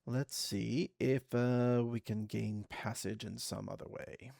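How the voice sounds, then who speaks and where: A man's voice: mid-range voice, steady tone, slow, creaky, background noise. A man hosting a casual let's play, chatting and reading game text aloud with a few self-corrections.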